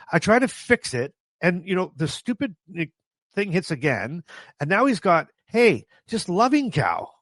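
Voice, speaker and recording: A man's voice: a little high, dry recording. A man telling funny stories from his own life in a casual, self-mocking way, laughing often and stopping to restart his sentences. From Canada. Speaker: vlogger. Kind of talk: casual storytelling to camera.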